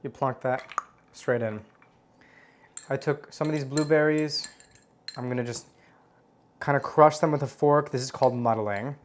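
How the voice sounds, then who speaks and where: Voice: mid-range voice, fairly even intonation, moderate pace, pauses often, a little hiss or hum. A host giving a casual home cocktail tutorial, chatty and playful, joking at their own expense and humming as they taste. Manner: savors tastes aloud with hums.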